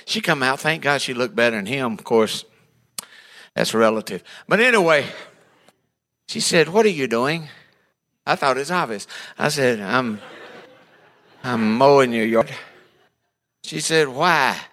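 A male pastor tells a sermon story in a folksy, joking way. His voice is bright and forceful, and he jumps into quick impressions of the people he describes. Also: mid-range voice, lively intonation. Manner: folksy and humorous, acts out voices in his stories.

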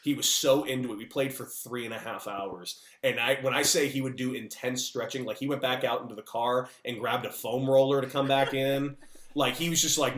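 Animated man telling baseball stories, echoey room. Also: medium pitch, a little fast. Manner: animated, lively storyteller with big outbursts. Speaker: guest, former baseball player. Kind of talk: casual storytelling. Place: home, remote call.

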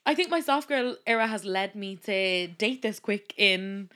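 A young woman co-hosting a chat podcast, her voice in an ordinary middle register. She gushes and giggles as she chats, all bubbly excitement. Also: mid-range voice, unhurried. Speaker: podcast co-host. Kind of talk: casual chat.

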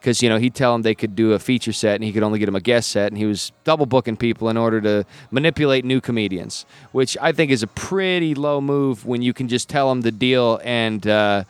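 Lively American male comedian, dry sound. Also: medium pitch, a little fast, hardly any pauses, smooth, dry recording. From United States. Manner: lively storyteller who acts out quoted voices. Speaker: comedian guest. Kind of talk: casual interview chat. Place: comedy club showroom.

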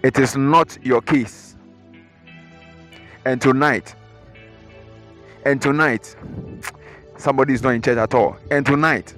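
A man with a Ghanaian English accent preaching a lively sermon in church, acting out the voices of troubled believers. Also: medium pitch, slow, pauses often, soft background music. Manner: dramatic, acts out inner voices and congregants. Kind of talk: animated sermon.

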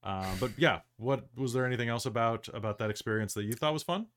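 A man's voice: mid-range voice, fast talker, a bit bright. A man hosting a casual podcast chat as game master, rambling with lots of fillers and restarts.

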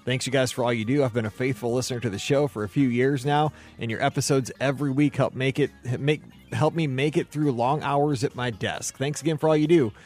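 A man's voice: medium pitch, steady tone, fairly quick, hardly any pauses, darkish tone, faint music behind. A man with a Midwestern accent hosting a podcast, talking enthusiastically with plenty of restarts and reading listener emails aloud. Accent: Midwestern American. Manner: enthusiastic, many fillers and restarts. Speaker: podcast host.

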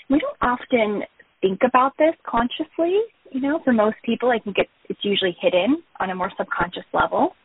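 A woman therapist calmly explaining her work in a podcast interview, often saying "you know". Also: medium pitch, husky, no room sound. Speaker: therapist guest. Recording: tinny phone-line audio.

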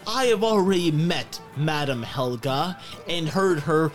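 A man voicing a boastful male pirate captain who speaks slowly and formally. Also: on the high side, animated, soft background music. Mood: pompous. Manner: pompous, slow and formal.

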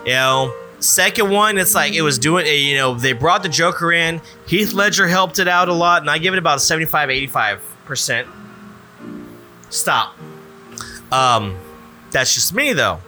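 A man co-hosting a casual podcast about movies, animated and rambling, repeating himself and swearing freely. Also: on the high side, normal speed, faint music behind. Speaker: podcast co-host.

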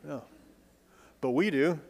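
A male pastor giving a sermon in a conversational way with light humor, swinging between emphatic lines and hushed, soft ones. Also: a little high, slow, gravelly. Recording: long reverb, as in a hall.

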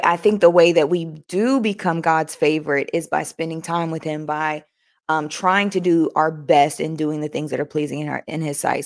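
A woman's voice: low voice, creaky. A woman hosting a casual motivational talk, chatting folksily with viewers, laughing often and reading aloud from a book between their comments. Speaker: host.

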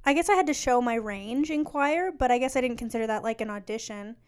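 Chatty woman with a smooth higher voice. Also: fast. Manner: chatty, self-deprecating, laughs often. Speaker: singer in choirs. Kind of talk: casual chat.

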